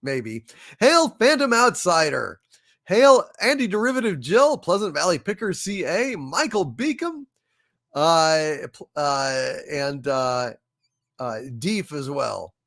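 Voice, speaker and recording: A man hosting a casual livestream, reading viewer chats aloud and thanking viewers, effusive and apologetic, often halting with fillers. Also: fairly high pitch, sing-song, vocal fry, fairly bright tone. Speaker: livestream host. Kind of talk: casual live chat, reading super chats.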